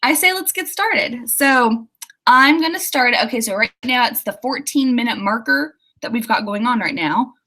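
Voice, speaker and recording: Bright, chatty young woman streaming. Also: fairly high pitch, lively intonation, moderate pace. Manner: chatty and giggly, reading viewer comments aloud. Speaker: author hosting a writing livestream. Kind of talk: casual livestream chat.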